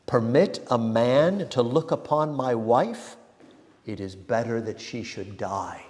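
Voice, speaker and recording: A man voicing a proud, haughty high-caste husband with a clipped delivery, read aloud in a reverberant hall. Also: slow, darkish tone, natural voice.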